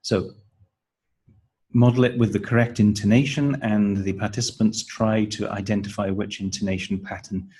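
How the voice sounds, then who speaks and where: A man working as a teacher trainer, giving a measured, explanatory walkthrough of classroom pronunciation activities. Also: on the low side, steady tone, mellow, husky, poor audio. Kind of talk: instructional explanation.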